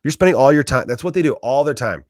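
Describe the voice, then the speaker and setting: A man's voice: medium pitch, lively intonation, fast talker, no echo, clean studio sound. A man in his thirties with a Chicago accent, a comedian hosting his podcast and ranting in a profane comedic monologue. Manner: profane, ranting, acts out quoted voices.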